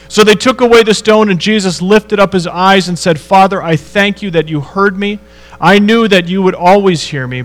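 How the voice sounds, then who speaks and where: High-voiced man preaching a sermon. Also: a bit bright, low-quality recording. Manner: conversational preaching with rhetorical questions. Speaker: pastor.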